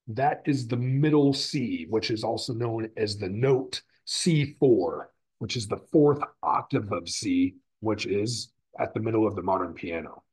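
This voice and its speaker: A man lectures on sound physics in a rough recording, his mid-range voice darkish with a breathy edge. It's a recorded classroom lecture, explanatory in manner, where he builds the ideas step by step and rephrases terms as he goes.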